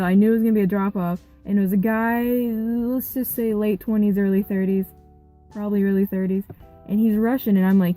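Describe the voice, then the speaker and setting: A young woman vlogger telling a rambling, animated story about a yard sale, with quoted back-and-forth. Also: medium pitch, poor audio. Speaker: gaming vlogger. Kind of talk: casual storytelling vlog.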